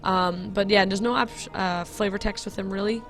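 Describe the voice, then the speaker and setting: A woman's voice: mid-range voice, fairly even intonation, moderate pace, fairly bright tone, faint music behind. A woman hosting a game video in casual, chatty commentary, giggling and often correcting herself.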